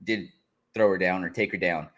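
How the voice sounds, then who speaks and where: A man co-hosting a casual fight reaction show, relaxed and often laughing as he walks through the action. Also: low voice. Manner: relaxed, laughing, drawn-out play-by-play. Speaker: co-host.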